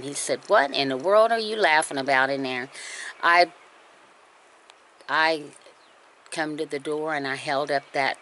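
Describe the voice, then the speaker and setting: A woman with a low, deep-set voice spins a homey story from her porch, chatty and looping back over her words. She chuckles at her own tale. Steady noise hums under the recording. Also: low-quality recording. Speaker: storytelling vlogger. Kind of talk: casual storytelling. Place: home porch.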